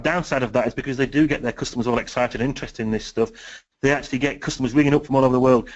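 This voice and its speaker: A man with a Sheffield accent giving a business webinar talk, telling lively stories and acting out the dialogue. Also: mid-range voice, muffled recording. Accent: Sheffield English. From England. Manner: lively storytelling, acts out quoted dialogue. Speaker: business speaker.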